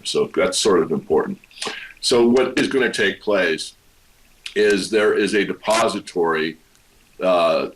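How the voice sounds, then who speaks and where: Brief: low-voiced male guest, steady and explanatory. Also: low-quality recording. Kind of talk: interview.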